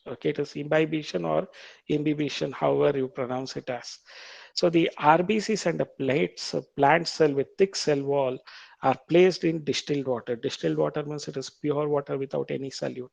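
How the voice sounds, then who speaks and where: A man with an Indian English accent lecturing on biology, reading quiz questions aloud, repeating them slowly and explaining the answers patiently. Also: on the high side, steady tone, creaky, a little mellow, dry recording. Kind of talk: quiz-style classroom lecture.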